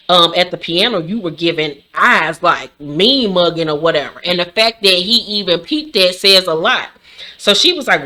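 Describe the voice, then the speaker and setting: Sassy, blunt woman recapping reality TV. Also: moderate pace. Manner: sassy, blunt and animated, with sudden high-pitched outbursts. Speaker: commentary host recapping a reality show. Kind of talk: casual, profane recap commentary.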